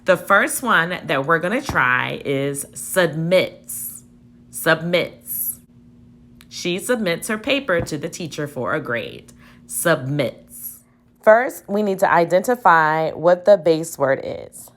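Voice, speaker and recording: A woman teacher leads a spelling dictation at a very slow, deliberate pace. Her voice sits a little low, and she spells each word letter by letter, syllable by syllable. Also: animated, a bit bright.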